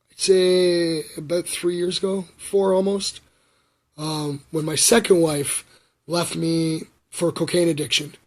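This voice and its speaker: A man in his thirties with a husky voice, telling a personal story on a livestream in a rambling, halting way with many fillers. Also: a little high. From Canada. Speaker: vlogger.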